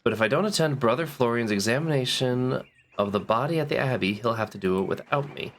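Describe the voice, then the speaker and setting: A man chatting casually through a game stream, voice sitting at an ordinary middle pitch. He muses out loud about where to go next and reads snippets from the screen. His talk is relaxed and easily broken by laughter. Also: fast. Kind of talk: casual gameplay chat.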